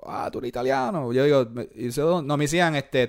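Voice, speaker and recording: A man with a Puerto Rican accent tells stories at a quick clip in a relaxed chat. His voice is smooth and clear. He slides between English and Spanish and uses plenty of fillers. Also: a little high. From born in New York, raised in Puerto Rico. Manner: switches between English and Spanish, many fillers, quotes others in raised voices. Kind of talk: casual bilingual chat.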